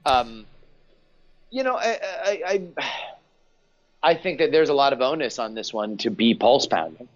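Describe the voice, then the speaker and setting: A man's voice: medium pitch, normal speed, long pauses, dry recording. Emphatic man on a dull, dry recording. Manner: animated, emphatic opinions. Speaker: podcast guest. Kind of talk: casual chat. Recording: dry, slightly dull sound.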